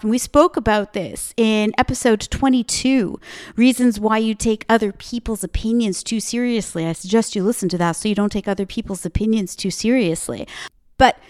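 Punchy motivational woman host, smooth-voiced. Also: fairly high pitch. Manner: emphatic, punchy repetition of slogans. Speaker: podcast host. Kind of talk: motivational podcast monologue. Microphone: podcast microphone.

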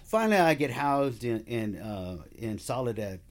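A man's voice: mid-range voice, very animated, moderate pace. A man as a podcast guest, telling a personal story in casual conversation, acting out what people said and laughing along the way.

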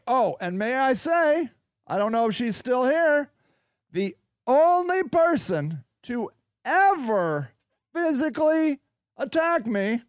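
A man's voice: extremely high pitch, clean tone, no room sound, studio quality. A male podcast host in a rambling, casual livestream chat, reacting to viewer comments as he goes.

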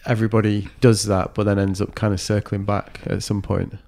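A man's voice: lowish voice, level tone, brisk, creaky, a little mellow, no room sound. A man from Manchester with a cold that makes him nasal, hosting a podcast with a cheeky, enthusiastic manner. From Manchester, England. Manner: enthusiastic, cheeky, swears casually. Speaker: podcast host. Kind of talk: scripted intro, then casual interview chat.

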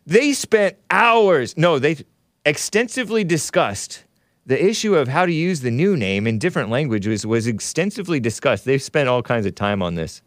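A man's voice: mid-range voice, normal speed, no room sound. A man hosting a live call-in stream in casual talk. His voice sits in a middle register, and he often breaks into laughs, sighs and groans. The close mic gives a dry, roomless sound. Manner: animated, laughing, sighing, groaning in disgust. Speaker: show host reading super chats.

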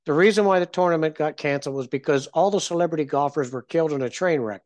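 A man's voice: a little high, fast talker, a little mellow, no room sound, natural voice. A man quoting a woman who makes a matter-of-fact announcement to a crowd.

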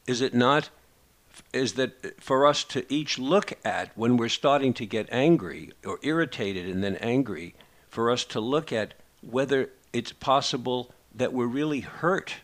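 Male radio host, mid pitch, halting and filler-heavy as he interviews. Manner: halting, many fillers and repeats. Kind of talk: interview hosting.

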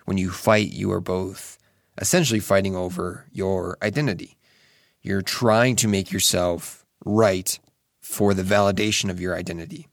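A young man talks through a reflective monologue in an earnest, musing way, often restarting his sentences and swearing casually. His voice sits low with a gravelly, fry-edged texture. The recording is dry and close, with no room sound. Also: steady tone, normal speed, no room sound. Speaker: solo speaker.

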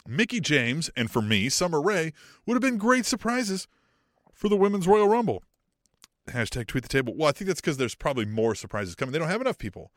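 A man co-hosting a podcast in casual chat, animated, swearing freely and acting out lines. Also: a little high, a little fast, no room sound, studio quality. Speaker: podcast co-host.

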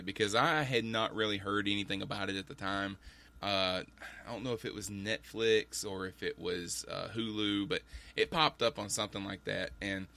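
A man's voice: on the low side, pushed and bright. A man co-hosting a casual movie chat, earnestly summarizing a film. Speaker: podcast co-host.

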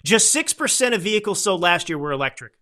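High, bright-voiced indignant man. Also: big pitch swings, quick pace. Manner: indignant, repetitive, scornful. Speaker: podcast host. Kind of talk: political commentary.

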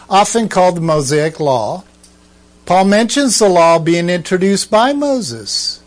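A man giving conversational Bible teaching, asking rhetorical questions and making asides to his listeners. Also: sits high.

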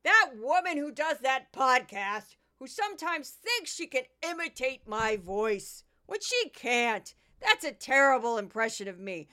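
Brash older TV judge-host impression, combative and loud, done by a woman. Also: high-pitched, sing-song, measured pace, few pauses, full character voice. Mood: indignant.

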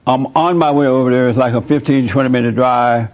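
A man's voice: mid-range voice, steady tone, brisk, darkish tone. A man preaching informally and answering listener questions, speaking conversationally, telling personal stories and chuckling often. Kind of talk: informal sermon.

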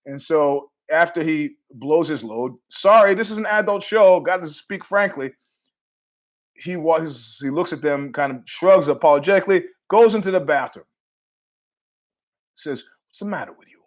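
A man's voice: on the high side, measured pace. A man hosting his own podcast, telling a story casually and animatedly, acting out the people in it. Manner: animated, acts out quoted voices, laughs at his own story. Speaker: podcast host.

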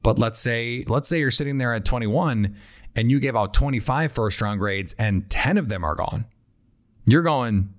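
A man's voice: medium pitch, moderate pace. A man hosting a football talk show, thinking aloud and breaking down draft picks in a conversational way. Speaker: football analyst host. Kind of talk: casual draft analysis talk.

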